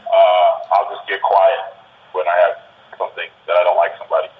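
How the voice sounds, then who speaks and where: A man being interviewed over the phone, talking quietly and calmly, a guest who says he is just not a yeller. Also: sits low. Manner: quiet, unhurried, never yells. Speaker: guest, pro wrestler. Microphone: telephone. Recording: dull phone line.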